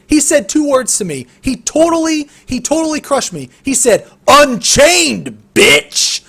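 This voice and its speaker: A man's voice: very high-pitched, moderate pace. A young man co-hosting a casual gaming podcast, ranting and telling stories with lots of swearing and big swings of energy. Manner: animated, profane ranting storyteller. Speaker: podcast co-host.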